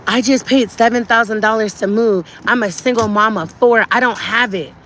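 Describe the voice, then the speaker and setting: A woman's voice: fairly high pitch, moderate pace, fairly bright tone, slight background noise. Upset woman venting on a live stream. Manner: urgent and indignant, repeats herself. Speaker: livestreamer. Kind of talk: emotional live stream to viewers.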